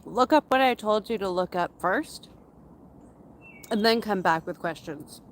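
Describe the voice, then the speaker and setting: A woman in her thirties from Canada, casually chatting with her livestream viewers in a slow, rambling way, with a runny nose. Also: medium pitch, lively intonation, slight background noise. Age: 30s. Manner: slow, rambling and chatty, with frequent fillers and laughs. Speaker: livestream host. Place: outdoors in a forest area.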